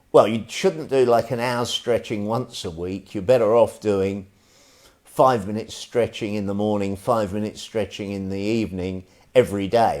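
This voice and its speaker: A man leading an online tai chi stretching class, calm and gentle with wry asides. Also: fairly low pitch. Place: indoors at home, live stream.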